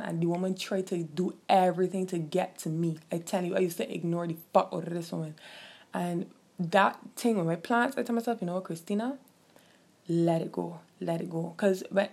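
A young woman, telling a personal story in a casual, animated and profane way. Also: mid-range voice, vocal fry, slightly rough. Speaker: vlogger.

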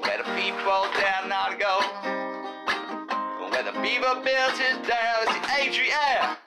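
A man's voice: very high voice, fairly even intonation, slow pace, over music, exaggerated voice, low-quality recording. A man singing a goofy, bawdy theme jingle in a put-on blokey voice.

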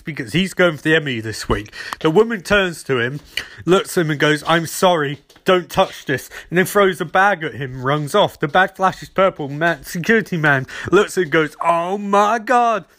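A young man recapping and reviewing a TV episode in a casual, animated way, swearing freely. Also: a little high, brisk.

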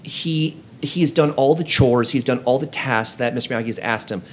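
A man's voice: medium pitch, moderate pace, a little hiss or hum. A man co-hosting a casual podcast among friends, telling stories earnestly and acting out the lines he quotes. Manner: earnest storytelling, acting out scenes in quoted voices. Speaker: podcast co-host.

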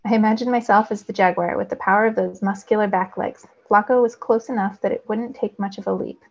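Woman teacher reading a novel aloud for students, expressive, gravelly, dull lo-fi audio. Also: medium pitch, brisk. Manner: expressive storytelling.

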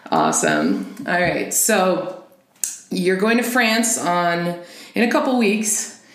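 A woman's voice: on the low side, big pitch swings, takes it slowly. A woman hosting a podcast, chatting casually with a guest in a playful, teasing way. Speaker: podcast host. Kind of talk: casual interview. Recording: echoey room, faint music.

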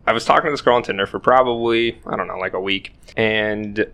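Young man, casual podcast storyteller, rambling and self-deprecating, low and bright voice. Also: fairly quick, creaky, clean tone. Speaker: podcast co-host.

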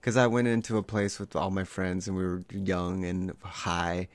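Low-voiced, easygoing male co-host. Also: level tone, normal speed, dry recording. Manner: easygoing, amused, asks questions. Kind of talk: casual chat.

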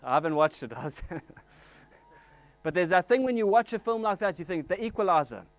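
A man preaching a sermon as pastor, animated and storytelling with jokes and asides. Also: high voice, normal speed, no echo.

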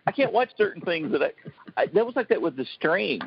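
A man's voice: high-pitched, quick pace, vocal fry, a little hiss or hum. A man in his forties telling stories in a casual podcast roundtable, acting out the voices he quotes. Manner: excitable storyteller, acts out quoted voices. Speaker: podcast panelist. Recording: dull lo-fi podcast audio.

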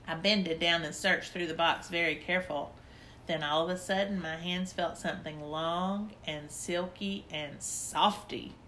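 Bright-voiced woman narrating as a little girl. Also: fairly low pitch, steady tone, a little slow, slight background noise. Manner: childlike and chatty. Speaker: audiobook narrator. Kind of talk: first-person children's story narration as a little girl.

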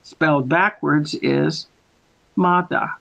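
A man's voice: on the high side, fairly even intonation, takes it slowly, vocal fry, bright, forceful tone. An American man chatting casually, telling rambling stories and correcting himself as he goes. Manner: rambling, storytelling, with self-corrections. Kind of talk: casual chat.

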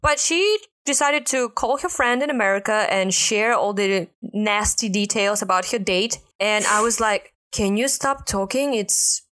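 A woman's voice: mid-range voice, normal speed, few pauses, pushed and bright. Chatty young woman telling a story. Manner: chatty storyteller, laughs often, frequent "like" and "you know". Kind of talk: casual chat.

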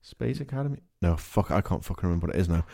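A man's voice: low-pitched, very fast, no echo, studio quality. A man with a Manx accent, co-hosting a casual comedy chat, sweary and laughing as he tells stories. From Isle of Man. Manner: sweary, laughing, animated storytelling. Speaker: podcast co-host.

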